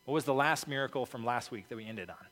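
A man's medium-pitched, slightly bright voice moves at a quick pace as he preaches a conversational sermon as pastor. It's informal and full of "okay" and "like," echoing in a reverberant hall.

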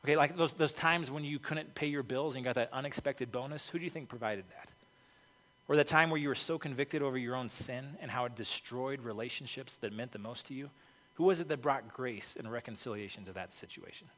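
A man's voice: medium pitch, a little fast, a bit bright. Man preaching casually in a reverberant hall. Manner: informal, peppered with 'okay' and 'like'. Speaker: pastor. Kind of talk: conversational sermon.

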